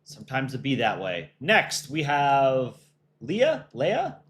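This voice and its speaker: A man hosting a casual livestream for a cartoon channel, reading viewer questions and thinking aloud in a relaxed, offhand way. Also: mid-range voice, measured pace. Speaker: livestream host for a countryball animation channel.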